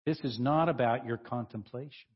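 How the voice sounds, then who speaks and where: A man's voice: medium pitch, normal speed, breathy edge, lo-fi sound. A man preaching a conversational sermon, informal and chuckling, who breaks off and restarts his sentences as he goes. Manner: informal, self-interrupting, chuckling asides.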